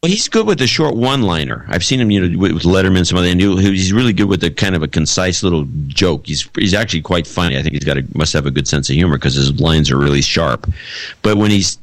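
A man's voice: low voice, lively intonation, quick pace, no echo. A man co-hosting a podcast in casual chat, rambling with frequent restarts. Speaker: podcast co-host.

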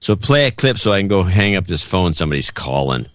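A man's voice: sits low, big pitch swings, quick pace, dry recording, clean studio sound. Wry grumbling male co-host. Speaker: podcast co-host. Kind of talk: casual chat.

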